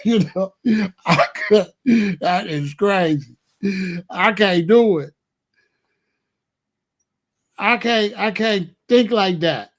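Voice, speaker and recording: A man's voice: high-pitched, slow, pauses often. A man hosting his own show, delivering a casual comedic monologue full of rhetorical questions and chuckling asides. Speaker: host.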